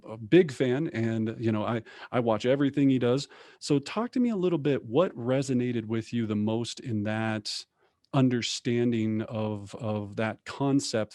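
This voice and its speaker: A man hosts an interview conversation, eager and rambling, stumbling over repeated words before he gets to his questions. His voice sits at an ordinary pitch, and the sound is close and dry, with no room echo. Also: darkish tone. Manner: enthusiastic, rambling with many restarts. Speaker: podcast host.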